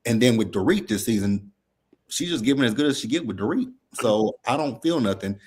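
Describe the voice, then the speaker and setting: A man's voice: mid-range voice, lively intonation, a little fast, a little mellow, husky. A man co-hosting a casual recap chat, blunt, profane and worked up as he talks. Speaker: podcast co-host.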